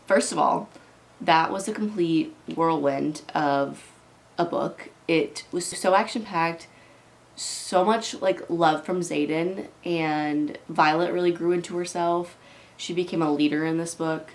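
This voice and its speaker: A young woman talks in a loose, gushing vlog style, peppering her sentences with fillers. Her voice sits a little low for a woman. A faint hiss of ambience hangs under the home recording. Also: unhurried. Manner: gushing, emotional, filler-heavy with many "like"s. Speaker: book vlogger. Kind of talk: casual reading vlog.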